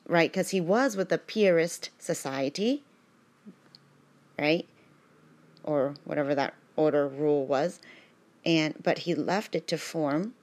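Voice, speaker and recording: A woman reading a religious text aloud at home, breaking off into chatty, digressive asides and asking "right?" again and again. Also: deep voice.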